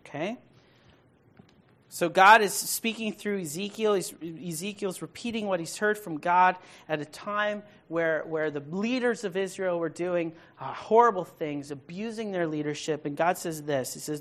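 A Bible teacher speaks at a normal speed while leading her evening study, emphatic and quick to ask her group questions. Her voice turns loud and forceful as she reads scripture.

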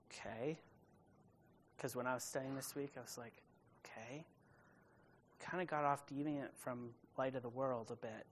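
A woman's voice: a bass voice, slight background noise. Woman teaching a casual Bible study. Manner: reads scripture then paraphrases it in casual modern speech; emphatic, stretches key words slowly.

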